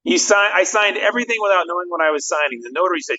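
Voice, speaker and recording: A man co-hosting a casual livestream chat, telling stories in an animated way and laughing often. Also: high-pitched, racing, muffled recording. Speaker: podcast co-host, real estate investor.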